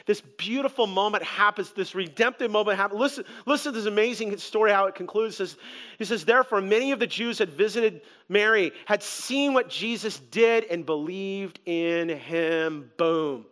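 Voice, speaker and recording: Male pastor, high bright voice, lively humorous sermon delivery. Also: normal speed. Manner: animated, conversational preaching with humor.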